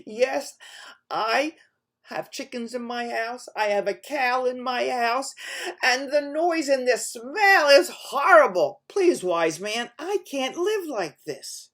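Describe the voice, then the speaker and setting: A woman voicing a frazzled poor man who loudly pleads for help in a told folk tale. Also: on the high side, steady tone, takes it slowly. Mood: exasperated. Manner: exasperated, pleading.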